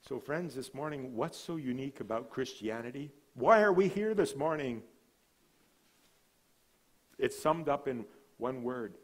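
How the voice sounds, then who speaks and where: A man preaching a sermon with a mid-range voice, building to proclaimed lines and then dropping almost to a hush. He tells stories in a relaxed, conversational way between the big statements. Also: mid-range voice, husky. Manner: dramatic preaching with sudden drops to a hush; storytelling, relaxed asides. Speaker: guest speaker, missionary.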